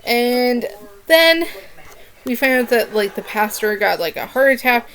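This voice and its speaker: Young woman, book vlogger, unhurried delivery, rambling, filler-heavy gushing. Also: fairly high pitch, expressive, a bit bright. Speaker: book reviewer. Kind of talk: casual book review vlog.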